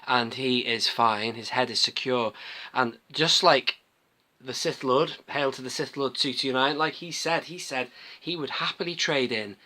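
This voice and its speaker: Bright-voiced man rambling about toys. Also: medium pitch, measured pace. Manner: rambling, enthusiastic, restarts often. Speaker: toy collector vlogger. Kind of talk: casual show-and-tell.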